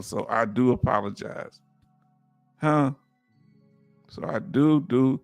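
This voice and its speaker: A man's voice: mid-range voice, takes it slowly, pauses often, smooth, dry recording, faint music behind. A man with a Southern US accent hosting a casual livestream, reading out viewer comments and laughing often. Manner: laughs often, loose conversational delivery. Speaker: livestream host.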